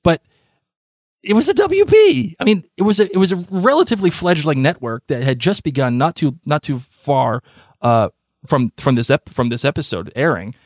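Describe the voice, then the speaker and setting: A man co-hosting a podcast in casual chat, animated, with lots of restarts and repeated words. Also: medium pitch, a little fast, dry recording, studio quality. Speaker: podcast co-host.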